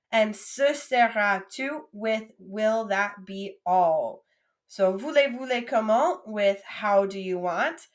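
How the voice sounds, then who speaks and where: Woman teacher, unhurried, clear repeat-after-me drills, close mic voice-over. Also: mid-range voice. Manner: slow, clear modeling of each word, repeating it twice. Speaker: French teacher.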